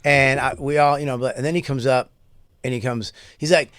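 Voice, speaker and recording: A man's voice: mid-range voice, fairly quick, clean tone, no echo, studio quality. A middle-aged man co-hosting a podcast, telling stories in casual chat, swearing often and acting out quoted lines. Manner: animated storyteller, swears a lot, acts out quotes. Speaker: podcast co-host.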